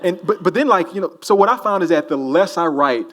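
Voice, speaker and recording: This is a man who speaks in a somewhat high voice. He answers audience questions in a relaxed way, wandering through his thoughts and tossing jokes to the room. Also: fairly quick. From New Orleans. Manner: loose, rambling, joking with the crowd. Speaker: author on a festival panel. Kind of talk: casual audience Q&A. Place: festival hall with a live audience.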